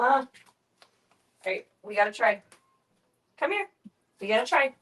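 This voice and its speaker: Female streamer, casual, gentle coaxing tone; lowish voice, recorded off-mic. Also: animated, normal speed, pauses often. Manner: soft, coaxing talk to her pet. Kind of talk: casual chat. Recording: distant mic.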